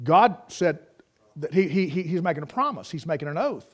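A man preaching a sermon, fervently swinging from shouts to hushed tones and repeating phrases for emphasis. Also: fairly high pitch, lively intonation, brisk.

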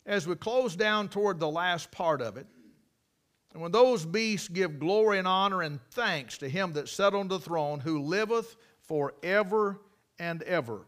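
A man preaching a sermon, folksy and emphatic, with many restarts and loud repeated cries. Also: high voice, animated, unhurried.

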